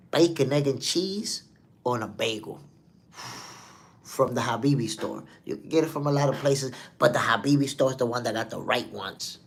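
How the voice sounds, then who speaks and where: A man hosting a casual live-stream chat, slangy and laid-back, reading viewer comments aloud. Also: medium pitch. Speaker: host.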